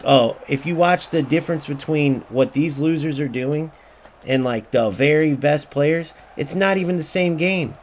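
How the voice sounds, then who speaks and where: A man's voice: on the high side, a little slow, slight background noise. A man giving ranting gameplay commentary, angry and profane, repeating himself and mocking other players. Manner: mocking voice when quoting others. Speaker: gaming YouTuber.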